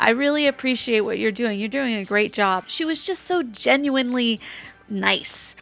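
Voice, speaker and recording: A young woman chatting to camera, telling stories in a lively way and acting out what people said. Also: fairly high pitch, creaky. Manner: chatty, animated, acts out quotes. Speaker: vlogger. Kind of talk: casual storytelling to camera.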